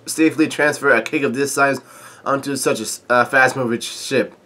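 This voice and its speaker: Male vlogger with a bright, forceful voice, casually recapping a comic chapter in a stop-start way and reading quotes fairly flat. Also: medium pitch. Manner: halting, stop-start delivery with frequent filler sounds; reads quoted lines in a mostly flat voice. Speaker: manga chapter reviewer.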